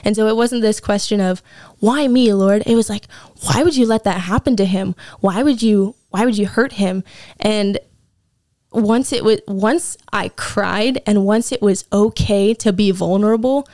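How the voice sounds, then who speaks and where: A young woman studying at Bible school shares an earnest, emotional personal testimony as an interview guest, frequently saying "like." Her voice is mid-range and darkish, at a moderate pace, recorded as clean studio sound with no room echo.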